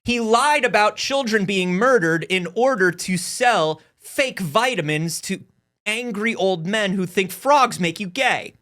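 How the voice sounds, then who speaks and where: A man's voice: sits high, measured pace. A man co-hosting a casual talk show, telling a long funny story and acting out the voices of the people in it. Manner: animated storyteller, acts out quoted voices. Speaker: podcast co-host.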